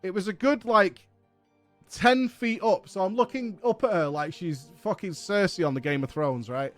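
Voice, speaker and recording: A man streaming a game from home, telling a story in a casual, animated, exasperated way and swearing often. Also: high voice, moderate pace, soft background music.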